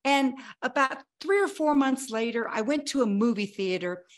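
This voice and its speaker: A woman's voice: a little high, expressive, moderate pace. A woman in her sixties, a guest on an interview podcast, telling her own life story dramatically and acting out remembered dialogue. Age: 60s. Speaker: guest, health coach.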